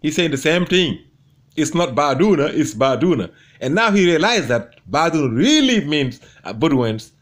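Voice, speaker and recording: A man's voice: a little high, very animated, moderate pace, a bit bright. A man commenting on a debate, gloating and mocking his opponent with much repetition. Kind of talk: commentary over debate clips.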